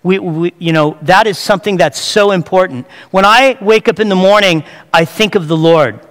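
A male pastor preaches with an easy, joking style, tossing rhetorical questions to his listeners. His voice sits high and comes across smooth and resonant. A long reverb trails behind him, as from a large hall. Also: moderate pace, a bit bright. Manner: conversational preaching with humor, rhetorical questions to the congregation. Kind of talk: sermon.

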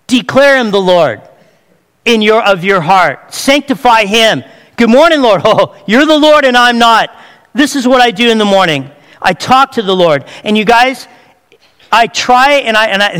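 A man's voice: high voice, fairly bright tone, smooth. A man preaching a sermon in a chatty, joking way, throwing rhetorical questions at his congregation. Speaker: pastor. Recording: long hall reverb.

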